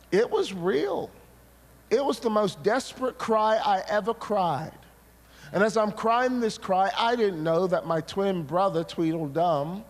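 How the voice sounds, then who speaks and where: Preacher, male, high voice, lively storyteller, church hall with long reverb. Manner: animated storytelling, acts out his own past words, bursts of shouting. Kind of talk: sermon testimony.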